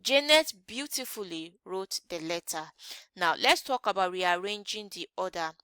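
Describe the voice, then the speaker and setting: A woman teaching an English grammar lesson, posing "what?" questions to the class and answering them herself, and repeating example sentences slowly. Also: mid-range voice, lively intonation, sharp tone, clear, resonant tone, no room sound.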